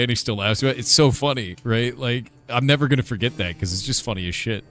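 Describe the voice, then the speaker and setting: A man in his forties who develops games and streams them chats casually over faint background music. His mid-range voice is fairly bright and quick, and he rambles, laughs a lot, and swears offhandedly in this relaxed livestream talk.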